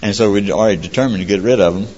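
A man's voice: lowish voice, very fast, a little mellow, husky. Older man, folksy joking storyteller at a recovery meeting, heard in a dull, echoey hall recording.

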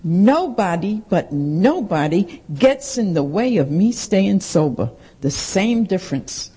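A woman's voice: medium pitch, very animated, slow, a crowd in the background, background noise. A woman giving a blunt, emphatic personal testimony to a recovery meeting and repeating lines for stress.

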